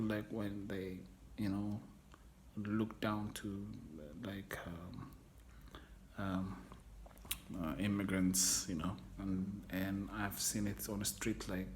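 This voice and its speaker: A man's voice: on the low side, a little hiss or hum. A man telling his own story in an interview, frank and rambling, searching for words and swearing casually. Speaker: documentary interviewee. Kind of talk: candid personal storytelling.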